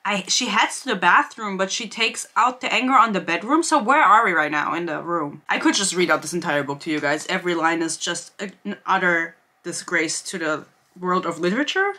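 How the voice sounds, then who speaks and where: A woman's voice: on the low side, expressive, fairly quick, sharp tone. A young woman at her bedroom desk, giving a sarcastic book review with swearing and laughing asides. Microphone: desk camera.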